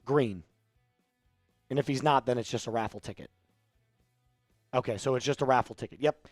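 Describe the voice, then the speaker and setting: A man's voice: medium pitch, normal speed, long pauses, no echo, clean studio sound, faint music behind. A man hosting a casual live stream, joking around and reading out viewer messages. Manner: joking, reads out viewer chat. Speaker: livestream host.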